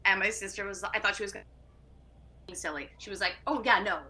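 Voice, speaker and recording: A woman comedian talking casually, rambling and cutting herself off with quick laughs. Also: mid-range voice, bright, forceful tone. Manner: rambling, self-interrupting, laughing asides. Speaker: comedian guest. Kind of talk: casual podcast chat.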